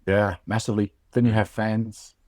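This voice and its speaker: A New Zealand man in his late thirties with a low, deep voice, talking as a podcast guest. He speaks in a halting, relaxed way, restarting his sentences and calling the host "bro". The sound is dry and close. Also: no echo. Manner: halting, many fillers and restarts, says "bro" often. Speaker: podcast guest, former rugby player. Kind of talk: casual conversational interview.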